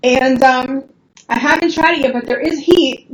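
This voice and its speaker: A woman's voice: sits high, normal speed, slight background noise, poor audio. A woman co-hosting a podcast, telling breezy stories over a remote call. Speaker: podcast co-host. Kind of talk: casual chat. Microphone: remote call with a weak connection.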